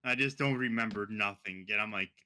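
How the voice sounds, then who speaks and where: A man's voice: on the low side, brisk, noisy background. A young man co-hosting a casual gaming podcast, laughing and swearing freely as he talks. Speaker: podcast co-host.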